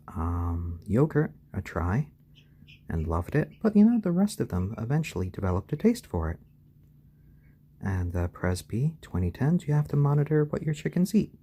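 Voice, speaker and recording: A man hosting a live stream, talking softly to his baby chicks in a low-key, soothing way and answering viewers' questions. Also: husky. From born in Japan to British parents.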